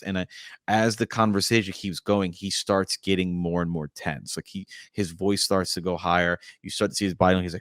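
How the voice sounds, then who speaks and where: A man co-hosting a podcast, reacting with enthusiasm and retelling scenes with quick "like" quotes. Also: low voice, fairly even intonation, no echo, clean studio sound. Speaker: podcast co-host. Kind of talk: casual film breakdown chat.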